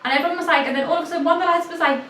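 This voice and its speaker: Animated high-voiced young woman, echoey room. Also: very fast. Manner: animated, laughs often, lots of fillers. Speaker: podcast co-host. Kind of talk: casual chat, storytelling. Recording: echoey room, far from mic, faint noise.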